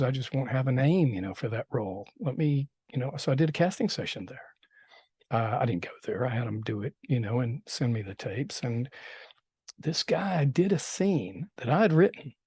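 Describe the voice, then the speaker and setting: A man's voice: medium pitch, darkish tone, breathy edge, dry recording. A man, a film director, telling stories in a casual interview, rambling with many restarts and fillers. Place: interview set.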